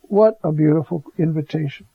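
A man's voice: a little high, a little fast, slightly rough, no room sound. A man preaching a conversational homily, animatedly acting out the scene he tells. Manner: animated, acts out the Gospel scene in voices. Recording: dull, lo-fi recording.

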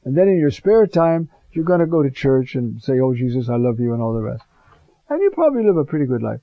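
A priest preaching an informal homily, conversational and digressive, often pausing with fillers and asides. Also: male voice, fairly high pitch, big pitch swings, creaky, dry recording, narrow, tinny audio.

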